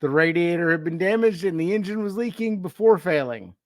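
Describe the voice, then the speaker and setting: Male podcast co-host, slightly high voice, chatty storyteller who laughs a lot; dry close mic. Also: lively intonation, a little fast, no room sound. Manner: laughs often, tells anecdotes with quoted dialogue. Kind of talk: casual chat, reading a story aloud.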